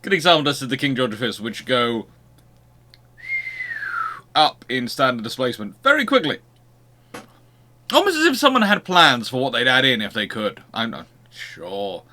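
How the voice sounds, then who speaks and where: A man's voice: mid-range voice, huge pitch swings, moderate pace, long pauses, sharp tone. A man hosting a history channel, giving an unscripted lecture and posing rhetorical questions as he explains.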